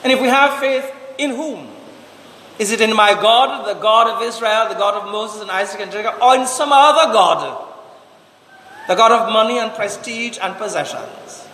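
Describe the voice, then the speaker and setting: A priest preaching a sermon, asking repeated rhetorical questions and drawing out slow, emphatic commands. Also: male voice, high voice, bright, forceful tone, roomy sound, long reverb tail, a little hiss or hum, poor audio.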